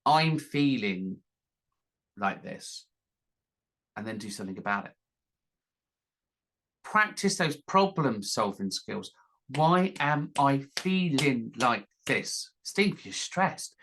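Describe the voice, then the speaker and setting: A man's voice: medium pitch, big pitch swings, slow, long pauses, a bit bright. Man giving casual mental health tips. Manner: conversational, self-talk examples, lists of tips. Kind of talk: informal teaching talk.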